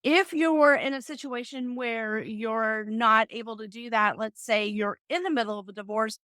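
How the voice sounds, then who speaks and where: A middle-aged woman, a self-help coach, giving calm advice and telling a personal story with small restarts. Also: a little high, moderate pace, clear, resonant tone, no room sound.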